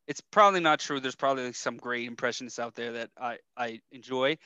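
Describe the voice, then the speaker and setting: A man's voice: mid-range voice, quick pace, pushed and bright, clear, resonant tone, dry recording, muffled recording. A young man co-hosting a podcast, telling rambling stories and laughing often in casual chat. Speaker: podcast co-host.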